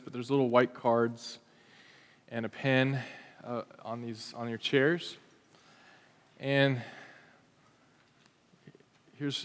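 A man leading his congregation as pastor, giving calm, gentle instructions. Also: mid-range voice. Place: church auditorium. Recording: reverberant hall sound.

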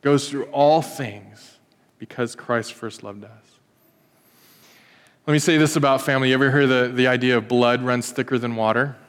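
A man's voice: medium pitch, steady tone, normal speed, clear, resonant tone, big-room sound. A male pastor preaching in a conversational, joking way, acting out little everyday scenes. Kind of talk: sermon. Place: church.

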